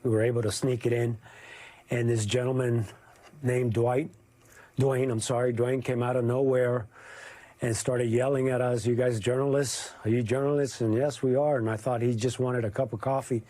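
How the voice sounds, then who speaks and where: A male photojournalist giving an interview, telling his story in a halting, emotional way. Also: mid-range voice, little pitch movement, warm tone, no echo. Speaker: news photojournalist guest. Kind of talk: interview recollection.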